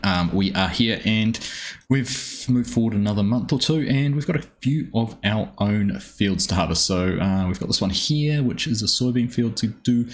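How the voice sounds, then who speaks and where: A man's voice: on the low side, moderate pace. A man streaming a farming game live, chatting easily and greeting viewers by name with plenty of ums.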